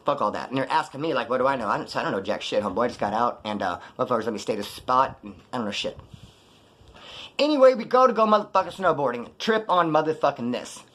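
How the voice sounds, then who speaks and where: A man's voice: mid-range voice, fast talker. A young man telling a story in a casual monologue, full of slang and swearing, acting out what people said. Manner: profane slangy street talk, animated retelling. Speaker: vlogger telling prison and post-release stories.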